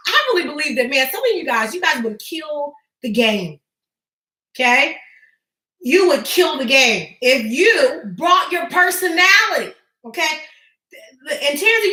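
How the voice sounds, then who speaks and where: High, bright, emphatic woman coach. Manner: emphatic, repetitive, laughing asides. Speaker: business coach. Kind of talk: live-stream coaching talk. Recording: echoey room.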